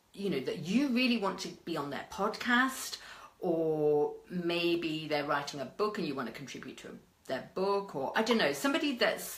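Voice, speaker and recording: A woman's voice: low voice, echoey room. A British woman giving chatty marketing advice as a vlog host, telling stories with lots of fillers. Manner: chatty, animated storyteller with frequent fillers. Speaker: marketing coach.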